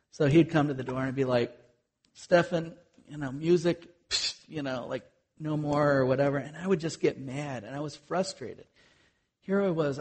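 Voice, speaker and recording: Husky-voiced man preaching earnestly. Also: mid-range voice, darkish tone. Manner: earnest, conversational with many fillers and restarts. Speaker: missionary preacher. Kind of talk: sermon.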